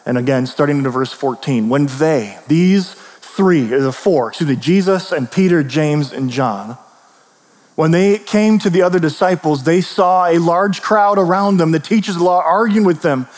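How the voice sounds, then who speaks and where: A man preaching a sermon as pastor, casual and storytelling, tossing in quick asides and questions to the listeners. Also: fairly high pitch, a little mellow. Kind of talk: conversational sermon. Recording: long reverb of a large hall.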